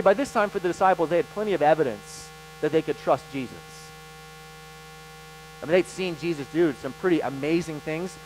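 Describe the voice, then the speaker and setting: Male pastor, sermon, higher voice, emphatic and animated, slight hum on the line. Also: poor audio. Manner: animated, emphatic preaching with dramatic pauses.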